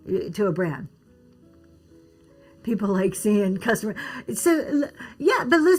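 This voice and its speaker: A woman giving casual business advice on a livestream, reading and answering comments from chat. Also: on the high side. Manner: chatty, reads and answers comments, restarts often.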